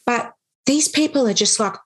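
A woman, a prophetic minister and choir leader, telling lively stories as a podcast guest. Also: fairly high pitch, normal speed, slightly rough. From Australia. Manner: animated storyteller, acts out quoted voices. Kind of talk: storytelling in a podcast interview.

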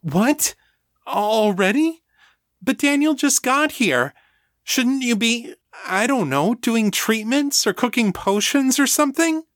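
A man voicing a distraught, stubborn young woman in an audiobook, pleading in a voice pitched far above his own. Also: lively intonation, slow, a bit bright, dry recording, studio quality, exaggerated voice. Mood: alarmed.

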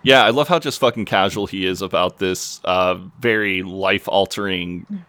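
A man co-hosts a podcast in a very deep voice, recapping a TV episode in loose, sweary chat full of fillers. The recording is close and dry with no room sound, and his tone stays offhand. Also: moderate pace, fairly bright tone, smooth, no echo. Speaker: podcast co-host.

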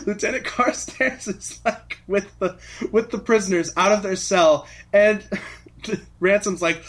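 Guy on a chatty fan podcast, kinda high husky voice, keeps laughing and acting out bits. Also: a little slow. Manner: animated, laughs often, acts out characters' lines. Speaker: podcast co-host. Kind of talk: casual fan-podcast chat.

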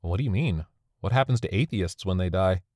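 A man's voice: low voice, lively intonation, brisk, darkish tone, no echo, studio quality. A man voicing a bewildered, newly dead man who fires off incredulous questions. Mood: baffled.

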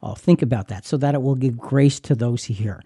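A man's voice: medium pitch, a little fast, warm tone, slightly rough, no room sound, studio quality. A man co-hosting a Christian marriage teaching, talking with emphatic, preacherly repetition. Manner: emphatic, preacherly, repeats words. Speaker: Christian radio co-host.

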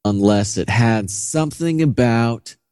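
A man's voice: medium pitch, expressive, unhurried, darkish tone, clear, resonant tone, no room sound, clean studio sound. A man co-hosting a casual podcast, making sarcastic, wry jokes with bits of laughter. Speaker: podcast co-host. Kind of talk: casual conspiracy-theory chat.

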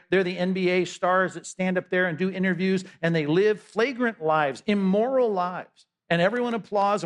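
A pastor preaches in an easy, conversational way. His voice sits a little high for a man. He leans on rhetorical asides to keep the congregation with him. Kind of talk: sermon.

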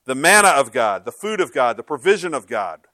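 A middle-aged man delivers a chatty, humorous sermon in a church. His voice sits at an ordinary pitch and the sound is dry and close, with no room echo. He jumps between storytelling asides and rising, emphatic preaching. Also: fairly quick. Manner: animated, joking, acts out voices of others. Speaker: pastor. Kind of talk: conversational sermon.

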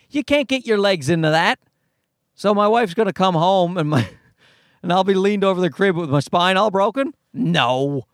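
A man with a high voice performs a profane stand-up comedy monologue, telling a story and acting out other people's lines in animated fashion with voiced asides. The recording is studio quality with no room sound.

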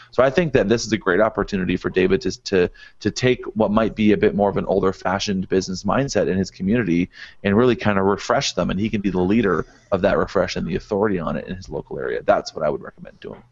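Gravelly low-voiced man giving advice. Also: quick pace, a little mellow. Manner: earnest, advisory, many restarts. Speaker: podcast co-host. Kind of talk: casual advice in a podcast panel. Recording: dry, dull lo-fi audio.

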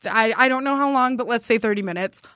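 A bright, high-pitched woman tells a story in a casual comedy chat. Her voice swoops widely as she laughs and acts out quotes in a shrill yell. The sound is close and dry. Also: fast talker, dry recording.

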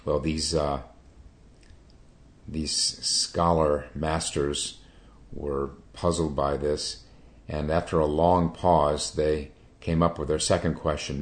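A man giving a Zen dharma talk as teacher, halting, with many hesitations and restarts. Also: rumbling low, level tone.

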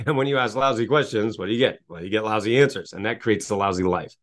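With a fairly low-pitched voice and a fast delivery, a middle-aged man who works as a business coach talks with high energy during an interview. He falls into a repetitive, motivational rhythm and keeps posing rhetorical questions.

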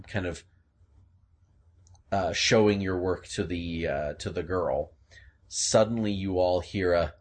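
A man narrating as game master of a tabletop game, halting with frequent fillers. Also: lowish voice.

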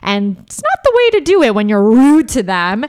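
Woman, podcast co-host, casual chat, bubbly storyteller, acts out voices, animated pitch. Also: moderate pace.

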